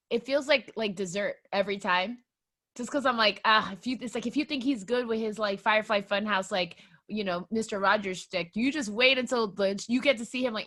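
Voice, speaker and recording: A woman's voice: a little high, pushed and bright. A young adult woman co-hosting a casual chat, laughing often, swearing, and acting out quotes in exaggerated voices. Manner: laughing, profane, acts out quotes in big voices. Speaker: podcast co-host.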